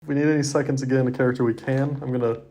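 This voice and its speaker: A man's voice: medium pitch, fairly even intonation, very fast, dark tone. A young man co-hosting a casual podcast chat, rambling and filling his sentences with "like". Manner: rambling, heavy use of "like". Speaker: podcast co-host.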